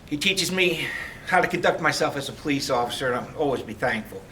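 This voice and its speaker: A middle-aged man giving a heartfelt farewell speech as a retiring police lieutenant, telling stories with halting restarts. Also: on the high side, animated, bright, forceful tone. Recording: distant mic, faint background noise.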